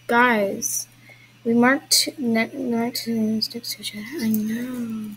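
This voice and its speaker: This young woman speaks slowly and flatly in a fairly high voice while running a trail ride event in an online horse game. She chats with her audience and laughs softly as she apologizes, all against background noise.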